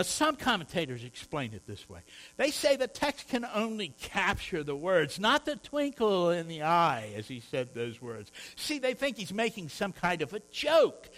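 A man delivering a sermon in a conversational, heartfelt way. His voice sits a little high and swings widely in pitch. He talks earnestly, often tripping over and repeating his words. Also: fairly bright tone, rough recording. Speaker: preacher.

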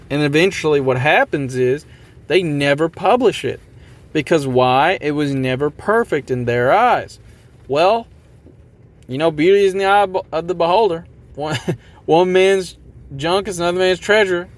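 A man hosting a podcast, talking casually and motivationally, rambling a bit and poking fun at himself while repeating his catchphrases. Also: fairly high pitch. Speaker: podcast host.

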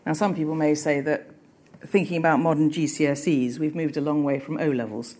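Low-voiced woman teaching literature. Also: steady tone, a little fast, mellow, slight background noise. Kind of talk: reading aloud and literary analysis lesson.

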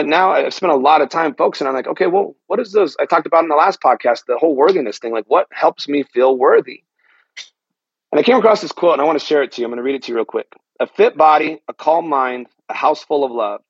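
A man's voice: on the high side, husky, dry recording, lo-fi sound. A middle-aged man hosting a solo health podcast, talking in an earnest, reflective and motivational way. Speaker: podcast host.

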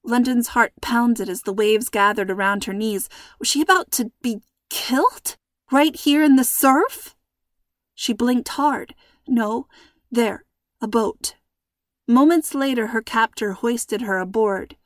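A woman reading a scripted children's storybook in a measured, suspenseful manner, close to the mic. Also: fairly high pitch, no echo. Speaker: narrator.

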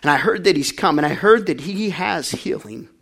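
A man pastor preaching a sermon, calling on the congregation to answer back and swinging from quiet talk to loud shouting. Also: on the high side, lively intonation, moderate pace, creaky.

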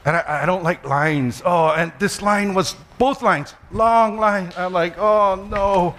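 A male pastor with a high-pitched voice preaches a sermon full of animated storytelling, self-deprecating humor, and slow, emphatic repetition.

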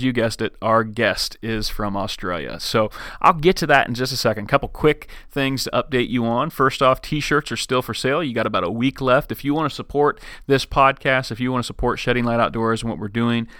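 Chatty male podcast host, crisp tone. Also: mid-range voice, dry recording, clean studio sound. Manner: chatty, relaxed, with fillers and restarts. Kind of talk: casual podcast monologue.

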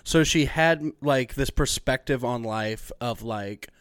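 A man's voice: medium pitch, takes it slowly, a bit bright, smooth, no echo, clean studio sound. A man hosting a podcast interview, joking and swearing casually and laughing often. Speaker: podcast host.

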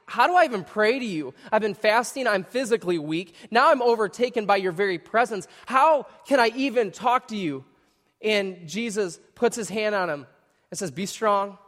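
Earnest preacher man in a reverberant hall. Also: sits high. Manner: earnest and emotional, swings between hushed and raised. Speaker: pastor. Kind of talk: sermon.

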